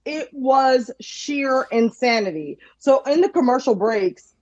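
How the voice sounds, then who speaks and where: Female podcast guest, animated storyteller, bright high voice that leaps around; dry, slightly muffled recording. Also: slow, no room sound. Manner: lively, laughing, acts out quotes in shifting voices.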